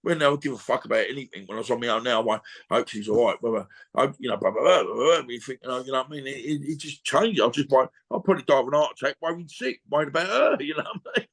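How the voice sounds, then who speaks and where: A man's voice: mid-range voice, fast, hardly any pauses, a bit bright. A man, talking bluntly and at length in an interview over a video call, swearing freely and circling back with "you know what I mean". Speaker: boxer interviewee. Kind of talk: emotional casual interview.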